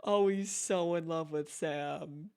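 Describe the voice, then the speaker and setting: Male streamer, casual and excitable, laughs a lot, high clear voice. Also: slow pace. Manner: excitable, laughs often, breaks off mid-sentence. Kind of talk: casual chat.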